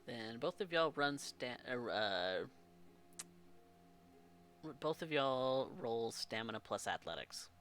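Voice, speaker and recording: A man's voice: mid-range voice, slow, pauses often, soft background music. A man narrating a tabletop role-playing game as game master, restarting phrases as he goes. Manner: animated narration with frequent restarts.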